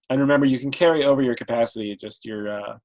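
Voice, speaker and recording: Brief: easygoing male game master, mid-pitched, explains rules, chuckles a lot. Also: fast, low-quality recording. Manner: relaxed, explanatory, laughs often. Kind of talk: narrating a tabletop game.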